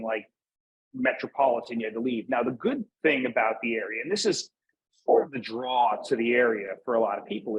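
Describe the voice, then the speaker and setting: A man's voice: mid-range voice, muffled recording. A man from Northeast Pennsylvania, a guest in a casual interview, talking in a rambling way with many fillers and restarts. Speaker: podcast guest.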